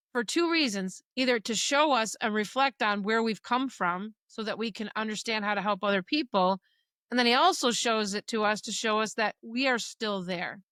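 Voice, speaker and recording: A middle-aged woman co-hosts a faith podcast, talking earnestly and at times emotionally about parenting as personal faith talk. Her slightly high voice is bright and forceful, she uses quoted dialogue, and there's no echo.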